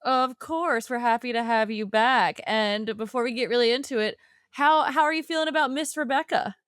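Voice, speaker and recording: Woman podcast host, casual chat, teasing, giggly, fairly high voice, dry close sound. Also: normal speed, a bit bright, no room sound.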